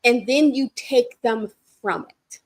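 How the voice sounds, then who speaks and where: A woman co-hosting a casual chat, animated and laughing often. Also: fairly high pitch, slow. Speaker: co-host.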